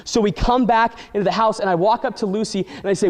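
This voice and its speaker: High-voiced man telling a comic story. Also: fast, hardly any pauses. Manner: animated, deadpan exaggeration. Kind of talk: comedic storytelling. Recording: long hall reverb.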